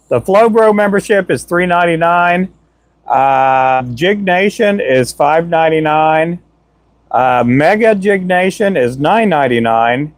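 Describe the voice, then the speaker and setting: A man hosting a live stream, chatting casually and cheerfully through shout-outs, a self-described chatterbox with a voice tired from talking a lot. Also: fairly high pitch, no echo. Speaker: livestream host. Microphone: Donner microphone.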